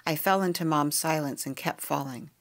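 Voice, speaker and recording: A woman podcast host reading a memoir chapter aloud in a quiet, measured, intimate way. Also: sits low.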